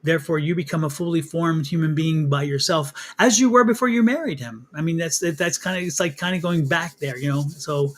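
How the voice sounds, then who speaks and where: A man's voice: a little high, brisk, hardly any pauses. A man hosting a live tarot reading, chatty and teasing, often repeating himself. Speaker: psychic reader and host.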